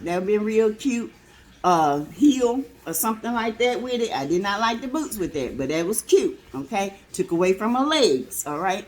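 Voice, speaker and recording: Sassy woman host, casual gossip recap, talks like chatting with friends, plenty of fillers. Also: normal speed. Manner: chatty, sassy, filler-heavy, laughs, swoops up high when excited. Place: in her car.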